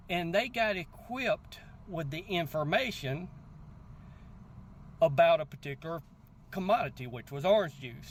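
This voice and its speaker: Animated man talking crypto outdoors. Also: fairly high pitch, a little hiss or hum. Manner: animated storyteller, repeats "guess what" and acts out quotes. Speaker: crypto channel host. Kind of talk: casual motivational talk to camera.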